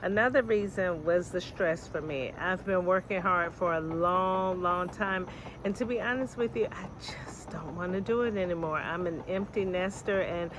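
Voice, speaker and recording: A woman's voice: on the low side, moderate pace. Older woman, matter-of-fact testimonial. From United States. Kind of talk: testimonial to camera. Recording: audible background noise.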